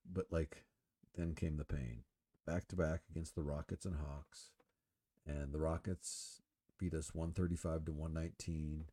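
A man's voice: rumbling low, unhurried, husky. A man hosting a solo podcast, talking casually and rambling with many fillers and swearing while he smokes. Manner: relaxed, smoking while talking. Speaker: podcast host. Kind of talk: casual solo sports talk.

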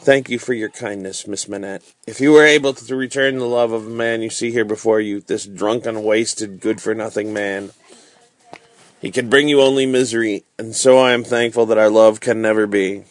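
A man reading a storybook aloud, voicing a sorrowful, devoted young man with a slow, heavy delivery. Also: lowish voice, fairly even intonation, dry recording, lightly acted.

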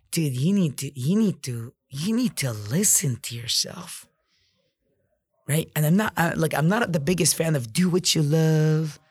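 Male podcast host, slightly high and gravelly, blunt, profane motivational monologue, dry close sound. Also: no echo. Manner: blunt and profane, heavy use of "like" and "you know". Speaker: podcast host and business owner.

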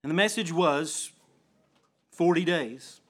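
A man's voice: a little high, slow pace, a bit bright. A man pastor preaching an earnest sermon, often restarting phrases and building to emphatic swells.

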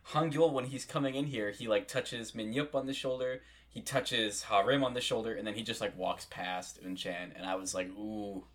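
A man's voice: on the low side, normal speed, hardly any pauses, fairly bright tone. Playful, theatrical man co-host. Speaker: podcast co-host. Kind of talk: casual chat.

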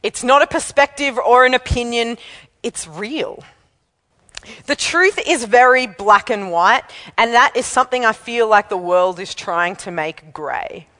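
A woman's voice: fairly high pitch, measured pace, pushed and bright, big-room sound. A woman preacher giving an evening sermon, chatty and candid, telling a personal story and laughing at herself.

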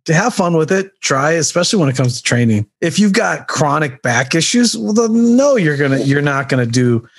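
A man's voice: on the high side, animated, fairly quick, few pauses. Rambling middle-voiced man chatting. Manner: rambling, with restarts and "you know". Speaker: podcast co-host. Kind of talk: casual chat.

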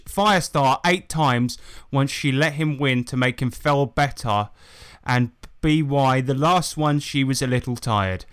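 A man's voice: medium pitch, unhurried, clear, resonant tone. A man co-hosting a podcast, reading bad fan fiction aloud with sarcastic, exasperated asides and swearing. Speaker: podcast co-host.

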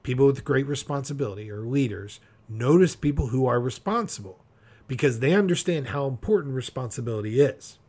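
A man preaching a practical podcast sermon, emphatic and direct, acting out quick quotes to make his points. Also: mid-range voice, expressive, darkish tone.

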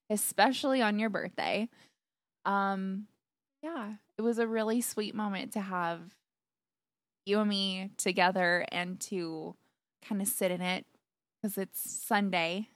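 A woman's voice: medium pitch, no echo, studio quality. A young woman telling a personal story in casual chat, laughing often and acting out what people said. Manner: animated storyteller, laughs often, acts out quotes. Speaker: podcast guest, fiancée.

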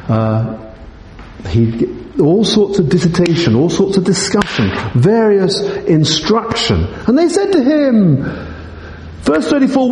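A man's voice: fairly high pitch, a little mellow, slight background noise. A man preaching a sermon to his congregation, emphatic and teacherly, full of rhetorical questions. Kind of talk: expository sermon. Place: church meeting hall. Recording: echoey hall, long reverb.

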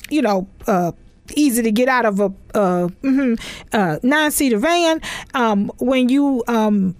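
Woman comic, high voice, dry close sound, sassy, emphatic storyteller. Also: measured pace, no room sound. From Texas. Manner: animated, emphatic, sassy asides. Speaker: comedian.

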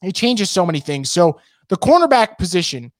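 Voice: mid-range voice, big pitch swings, moderate pace, no room sound. A sports show host talks through football news in a casual, opinionated way, hammering points by repeating words. The voice is worn from losing it. The recording is close and dry, with no room sound.

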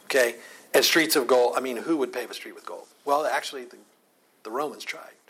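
A man's voice: mid-range voice, brisk, a bit bright, slight background noise. A man leading a Bible study, explaining Scripture in a conversational way and often asking rhetorical questions.

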